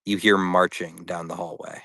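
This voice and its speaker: Low-voiced man running a tabletop game. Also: level tone, moderate pace, bright, forceful tone, no room sound, studio quality. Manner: voices characters in quotes with laughing asides. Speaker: dungeon master.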